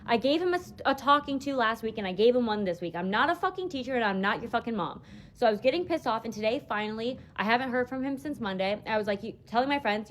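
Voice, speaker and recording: A woman's voice: fairly high pitch, animated, fast talker, slight background noise. Blunt, cursing woman telling a story. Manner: blunt, profane, emphatic. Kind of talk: casual storytime. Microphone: phone.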